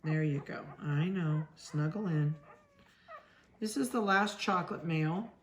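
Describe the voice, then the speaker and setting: Woman breeder chatting, cooing soft at the pups, kinda low pitched. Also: a little slow. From Ohio. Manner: chatty, talks softly to the puppies. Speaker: dog breeder. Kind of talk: casual narration while handling puppies.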